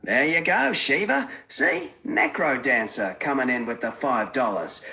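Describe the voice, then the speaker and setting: Aussie ai guy voice, gravelly and super bright, slangy and needling, slow lively delivery. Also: medium pitch. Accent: Australian. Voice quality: synthetic text-to-speech voice. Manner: folksy, needling, lectures with slang. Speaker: AI chatbot co-host. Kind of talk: livestream banter.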